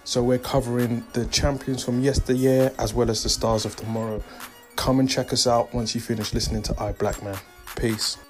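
Man reading a flat podcast promo. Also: medium pitch, normal speed, soft background music. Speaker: podcast host giving a promo. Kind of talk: recorded promo shout-out.

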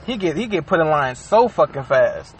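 Young man co-host, high and lively voice, profane storyteller, faint noise behind. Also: normal speed. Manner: animated, profane storytelling with acted-out quotes. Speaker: podcast co-host. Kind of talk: casual chat.

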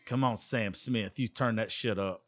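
A man's voice: lowish voice, normal speed, faint music behind. A tipsy man from Georgia with a Southern accent, hosting a rowdy, profane live sports call-in style show. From Georgia, USA. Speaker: radio show host. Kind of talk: drunk live sports commentary.

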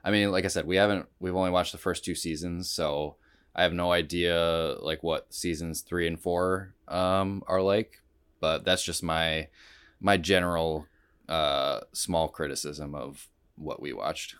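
Male podcast co-host, very deep and smooth, hedges a lot with fillers. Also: steady tone, measured pace, fairly bright tone. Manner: thoughtful, hedging, many "like" and "um". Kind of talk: casual chat.

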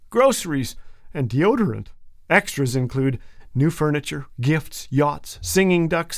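A man's voice: a little high, no echo, clean studio sound. A man hosting a radio show, delivering a scripted humorous monologue in a playful, joking way and chuckling at his own lines.

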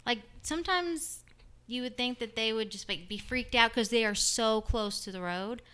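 Middle-aged woman hosting a chatty podcast. Her voice is bright and smooth, and she wanders off topic. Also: fairly high pitch, moderate pace. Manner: rambling, drifts off topic. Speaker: podcast host. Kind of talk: casual podcast chat.

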